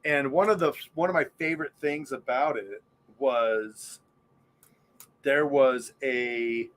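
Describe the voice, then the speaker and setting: A man's voice: mid-range voice, takes it slowly, fairly bright tone. A man hosting a podcast in casual chat, rambling and enthusiastic, with lots of fillers. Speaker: podcast host.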